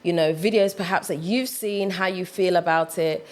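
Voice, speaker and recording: A woman's voice: on the low side, moderate pace. A woman vlogger giving reflective, conversational commentary, thinking aloud with plenty of fillers. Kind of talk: commentary vlog.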